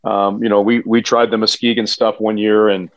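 A man, a high school football coach, telling stories in a casual podcast chat, earnest and emphatic with frequent restarts. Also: little pitch movement, moderate pace, no room sound. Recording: dull, dry lo-fi sound.

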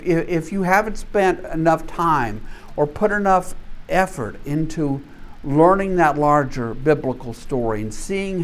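A man teaching a Bible class, emphatic, often restarting and repeating his words. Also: fairly high pitch.

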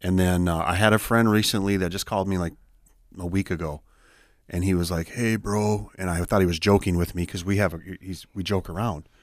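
A man's voice: low-pitched, steady tone, no room sound, studio quality. A man working as a peer support specialist, telling a heartfelt personal story as a guest on a radio talk show. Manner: heartfelt, conversational, quick. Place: radio studio.

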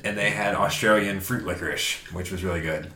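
A man talks in a loose, rambling way, often trailing off quietly. His voice sits a bit low but sounds bright. The room is echoey, with a faint hiss under it. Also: fairly even intonation, a little fast. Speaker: taste tester. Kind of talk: casual chat.

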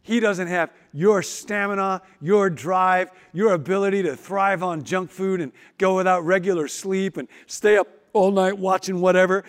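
A man preaching a sermon with wry humor and emphatic, dramatic pauses. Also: high-pitched, in a large hall. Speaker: pastor.

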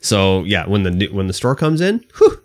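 A man's voice: lowish voice, very animated, moderate pace. A man co-hosting a casual podcast, easygoing and keen on organizing stuff. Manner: easygoing, laughs along, enthusiastic about databases. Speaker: podcast co-host. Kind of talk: casual chat.

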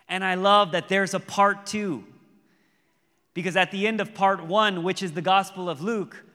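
A man preaching a sermon as pastor, earnest, moving between raised emphasis and hushed, intimate appeals. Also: high voice. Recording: long hall reverb.

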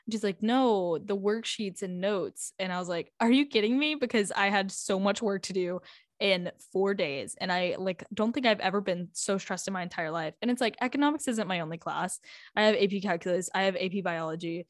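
A woman's voice: mid-range voice, a little fast, dry recording. Chatty eighteen-year-old girl, dry close sound. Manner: chatty, lots of "like" and "um", laughs often. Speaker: high school student. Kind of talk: casual storytime vlog.

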